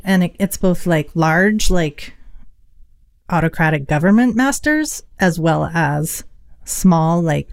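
Low gravelly-voiced woman musician, reflective. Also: expressive, takes it slowly. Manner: reflective, many "like" fillers. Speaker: musician guest. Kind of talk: casual interview talk.

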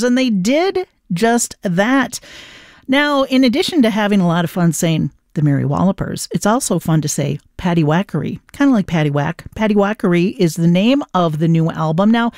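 A woman's voice: mid-range voice, normal speed, darkish tone, dry recording, clean studio sound. A woman radio DJ, chatting playfully as she tells a story between songs. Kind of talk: casual radio chat.

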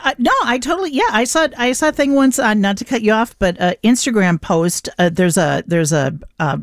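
A woman's voice: medium pitch, lively intonation, a little fast, dry recording. Female radio host, chatty and enthusiastic, dry close studio mic. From Minnesota. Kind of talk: on-air pledge drive appeal. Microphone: studio microphone.

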